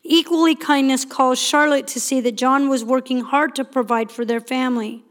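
High-voiced woman teaching on marriage. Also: fairly even intonation, moderate pace. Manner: reads from notes with asides, acts out short quotes.

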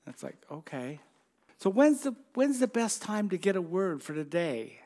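An older man preaching a sermon in a conversational, folksy way, with slow, dramatic scripture readings. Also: high-pitched, very animated, a little mellow.

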